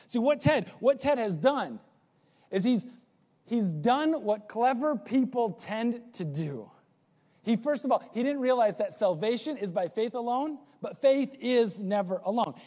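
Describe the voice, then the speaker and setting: A man preaching a sermon as pastor, animated, acting out the voices of characters in his story. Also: very high-pitched, unhurried. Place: church stage. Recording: long reverb of a church hall.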